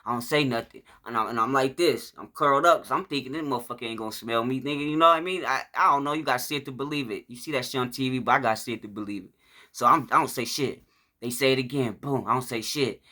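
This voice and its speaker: Male storyteller, casual profane monologue, bright and sharp voice, mid pitch. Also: fast talker. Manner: profane, rambling, acts out shouts and quotes. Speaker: vlogger telling his life story.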